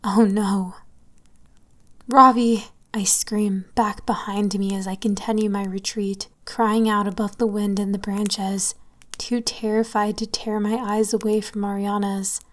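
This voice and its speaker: A woman narrating a horror story, often dropping to a hushed whisper. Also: medium pitch, little pitch movement, unhurried. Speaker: story reader.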